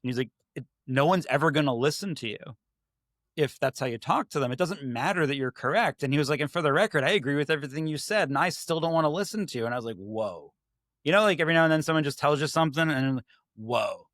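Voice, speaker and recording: A man, a podcast guest, telling stories in a casual, animated way and acting out his own past remarks. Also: fairly high pitch, racing, dry recording, clean studio sound. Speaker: podcast guest, IT services manager.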